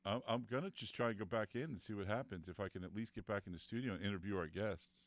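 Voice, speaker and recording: A man from the United States hosting a podcast in casual chat, joking at himself while a voice effect changes his sound. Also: fast talker. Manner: laughing, self-mocking, fiddling with voice effects. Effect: pitch-shifting voice effect. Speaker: podcast host.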